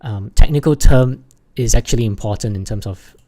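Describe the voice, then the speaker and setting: A man teaching an English exam lesson over slides, halting often with fillers and restarts, and leaning hard on key words. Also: mid-range voice, mellow. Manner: stresses key words by raising his voice.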